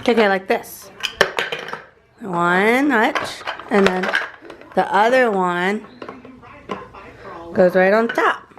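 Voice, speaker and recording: Unhurried woman vlogging at home. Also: mid-range voice, noisy background. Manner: chatty, narrating to the camera and coaxing a toddler. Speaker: vlogger and mother. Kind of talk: casual home vlog. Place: family home indoors.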